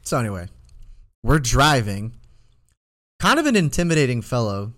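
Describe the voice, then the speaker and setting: A man's voice: medium pitch, big pitch swings, moderate pace, fairly bright tone. A young man in his twenties, co-hosting a podcast and telling a rambling story full of fillers in casual chat. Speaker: podcast co-host.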